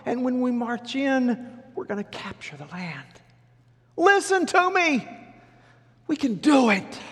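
A man's voice: very high-pitched, expressive, unhurried, darkish tone, slightly rough, voice pushed up, full character voice. A man voicing a bold ancient male leader, urging a frightened people with pleading force. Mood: urgent. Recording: long hall reverb.

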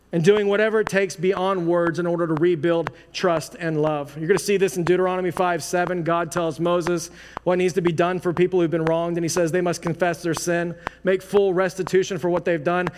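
A man preaching a sermon as pastor, in a casual, conversational way full of "like" and restarts. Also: high-pitched. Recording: long hall reverb, faint noise.

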